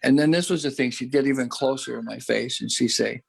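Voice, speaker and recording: A man as an interview guest, earnestly recounting a personal experience, halting and restarting often. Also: mid-range voice, creaky, breathy edge.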